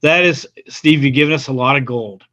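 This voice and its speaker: A male pastor hosting a casual interview, encouraging and quick to laugh. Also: mid-range voice, fairly bright tone. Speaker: pastor and host.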